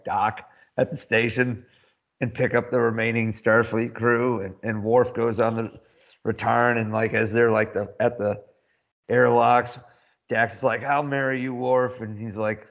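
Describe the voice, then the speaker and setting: A man in casual podcast chat, rambling excitedly and laughing often as he recaps. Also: mid-range voice, normal speed, creaky, lo-fi sound. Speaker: podcast co-host.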